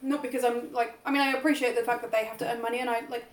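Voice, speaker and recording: Woman co-host, fairly high voice, chatty and rambling, recorded in an echoey room a bit off-mic. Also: steady tone, very fast, recorded from a distance, slight background noise. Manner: chatty, many "like" fillers. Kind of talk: casual chat over a meal. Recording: roomy echo, away from the mic.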